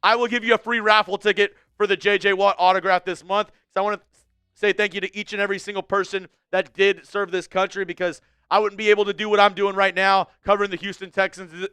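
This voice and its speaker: Bright, high-voiced male sports streamer. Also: smooth, no echo. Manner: casual, animated fan-style ranting. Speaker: sports show host. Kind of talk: live-stream sports talk.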